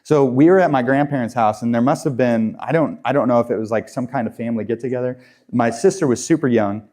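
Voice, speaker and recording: A man's voice: mid-range voice, fast talker, darkish tone. A man preaching a sermon in a conversational way, often repeating and restarting his phrases. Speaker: pastor.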